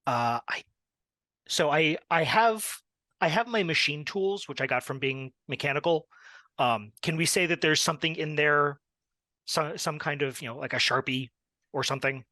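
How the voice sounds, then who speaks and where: A man's voice: on the high side, normal speed, pushed and bright, dry recording. A man playing in a tabletop game, chatting casually and eagerly about his character's moves. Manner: eager, openly delighted. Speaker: player.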